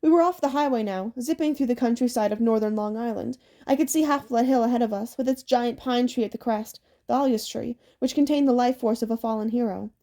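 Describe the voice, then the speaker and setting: A woman narrating an audiobook in a steady storytelling read. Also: a little high, fairly quick, hardly any pauses.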